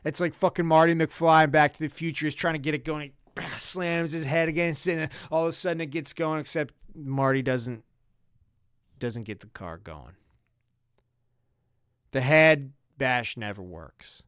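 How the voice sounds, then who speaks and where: A man telling a comedic story on a podcast, profane and animated, with sudden loud bursts. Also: fairly high pitch, normal speed, clear, resonant tone, dry recording, studio quality. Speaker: podcast co-host.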